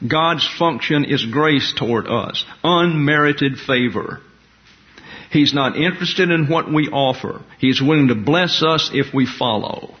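A man preaching an expository Bible teaching sermon as pastor, speaking deliberately, explaining Greek terms and making side remarks. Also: on the high side. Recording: dull lo-fi recording.

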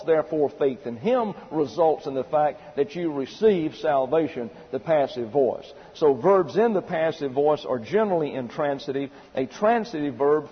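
The sermon comes from a man with a husky, slightly high voice who teaches the Bible in an orderly way, organized by numbered subpoints. Emphatic rhetorical questions punctuate it, and the sound is muffled with long reverb from the hall.

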